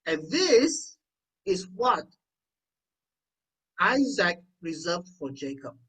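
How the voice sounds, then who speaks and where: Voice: medium pitch, big pitch swings, drawn-out words, fairly bright tone, husky, far from the mic, rough recording. A preacher giving a sermon, reading scripture aloud and breaking in with chatty asides.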